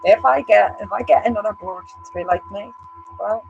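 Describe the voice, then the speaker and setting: A woman's voice: mid-range voice, moderate pace, creaky, dull audio, slight background noise. A woman co-hosting a casual chat show, blunt and sweary, acting out what others say about her. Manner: blunt, sweary, animated, acts out other people's remarks. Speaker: co-host.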